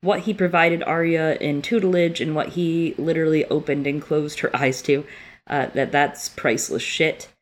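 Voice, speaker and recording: A woman's voice: low-pitched, steady tone, normal speed. A woman co-hosting a casual book podcast, reading passages aloud and reacting with emotion and frequent swearing. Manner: emotional, swears freely, tearful while reading. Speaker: podcast co-host.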